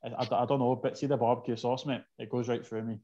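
A Scottish man in casual conversation, telling a story with plenty of swearing and lively energy. His voice sits in an ordinary middle register and comes through a dull, lo-fi recording. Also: medium pitch, fast. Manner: animated storyteller, swears freely. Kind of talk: casual chat.

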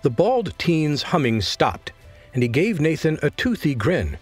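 Expressive male audiobook narrator. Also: medium pitch, a little slow, soft background music. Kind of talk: scripted narration.

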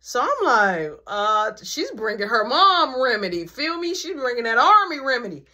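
Woman, comedic storytime, slangy and animated, bright lively voice, somewhat high. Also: normal speed. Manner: animated, slangy, acts out every character.

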